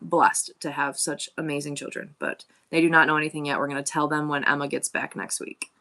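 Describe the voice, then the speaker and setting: A woman's voice: deep voice, fairly even intonation, a little fast, pushed and bright. A woman in her forties hosting a live-selling stream, chatting candidly with viewers and rambling through her stories. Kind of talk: casual chat to live viewers.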